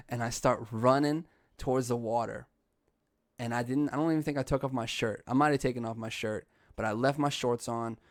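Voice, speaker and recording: A man's voice: medium pitch, no room sound, studio quality. A young man hosting a podcast, telling a story in a loose casual style, laughing often and dropping swear words. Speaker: podcast host.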